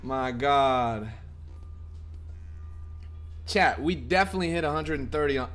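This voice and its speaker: A young man live-streaming his trading to chat, excitable and profane, bursting into loud shouts. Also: fairly high pitch, a little slow, pauses often. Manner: profane, blunt banter with chat.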